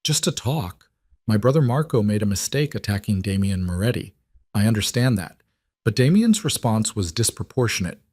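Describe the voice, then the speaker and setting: A man reading a smooth menacing mobster. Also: lowish voice, expressive, moderate pace, mellow, dry recording, clean studio sound. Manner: menacing, falsely friendly. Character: cold threatening mobster man. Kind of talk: audiobook character reading.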